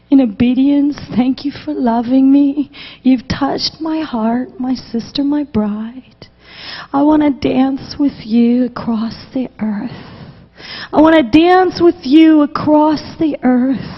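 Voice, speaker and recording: A woman preacher voicing a tender male divine figure in a hushed, slow, intimate whispered role-play. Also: high-pitched, breathy edge, exaggerated voice. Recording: dull recording with long hall reverb.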